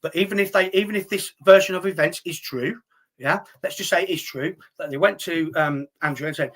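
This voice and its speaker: A man's voice: on the high side, fairly quick, fairly bright tone. A middle-aged man hosting a live stream, reading chat comments aloud and answering them bluntly and argumentatively, swearing often. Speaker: livestream host reading chat.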